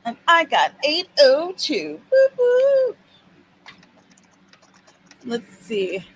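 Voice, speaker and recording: A woman's voice: on the high side, sing-song, slow pace, pushed and bright, a little hiss or hum, rough recording. Cheery woman hosting a writing livestream. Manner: upbeat, cheering on viewers by name. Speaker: livestream host of a writing sprint. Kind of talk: casual livestream chat.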